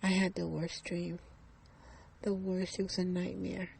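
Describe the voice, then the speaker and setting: A woman's voice: lowish voice, little pitch movement, unhurried, creaky, a little mellow, a little hiss or hum. A woman voicing a shaken middle-aged mother. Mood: earnest. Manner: earnest, preachy.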